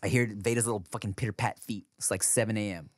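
A man's voice: on the low side, steady tone, fast, no room sound. A man hosting a podcast who tells stories about being a father in casual, swear-filled chat and laughs often. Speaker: podcast host.

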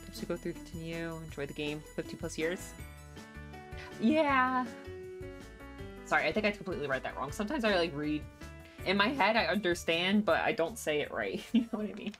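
Low-voiced chatty woman streaming a game. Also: big pitch swings, moderate pace, a bit bright, faint music behind. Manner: chatty, laughs often, reads chat aloud. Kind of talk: casual gameplay chat.

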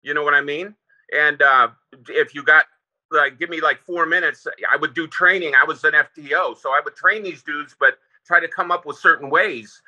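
A man with a sharp, bright voice pitched a little high recalls his years as a prison lieutenant. He wanders through his stories with fillers and restarts, and the audio sounds dull and lo-fi. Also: normal speed. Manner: relaxed, rambling with restarts and fillers. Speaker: former prison lieutenant, guest. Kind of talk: casual interview storytelling.

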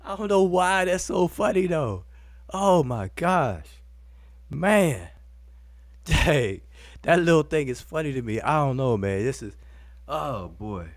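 A man's voice: mid-range voice, big pitch swings, slow pace, pauses often, dry recording. A man hosting a live video show, talking casually to his viewers and breaking into fits of laughter. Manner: informal, addresses viewers as y'all. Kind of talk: casual live-stream commentary.

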